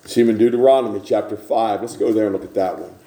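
A man's voice: on the low side, fairly even intonation, fast talker, warm tone, slight background noise. A man preaching a sermon, reading scripture aloud and repeating key phrases with emphasis. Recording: echoey room.

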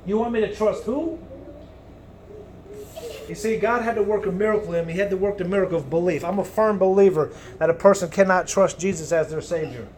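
A man preaching a sermon in a loud, emphatic way, swinging between booming lines and hushed ones. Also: a little fast.

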